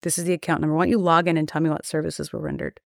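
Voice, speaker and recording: Rapid-fire and gravelly, this thirties-aged woman speaks low with a flat delivery. She's a podcast guest telling casual stories, candid and full of profanity, performing the lines she quotes, and the recording is dry and close without any echo.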